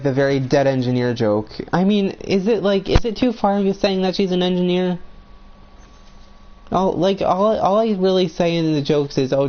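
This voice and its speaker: A man's voice: a little high, muffled recording, slight background noise. A young man ranting bluntly about friends while playing a video game, swearing a lot in a heated, agitated way.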